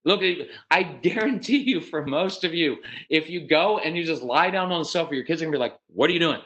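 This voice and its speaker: American man, middle-aged, parenting workshop speaker; direct, matter-of-fact, animated with acted voices. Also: fairly high pitch, low-quality recording. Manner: animated, acts out parents and kids in quick voices. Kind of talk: live parenting workshop talk.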